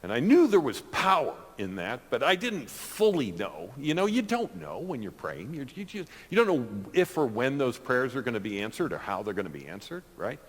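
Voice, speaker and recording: A man's voice: medium pitch, huge pitch swings, normal speed, few pauses, slightly rough. A man in his sixties giving an unscripted personal testimony in church, talking conversationally with frequent fillers and restarts. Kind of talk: off-the-cuff spoken testimony. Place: church hall. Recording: long church-hall reverb.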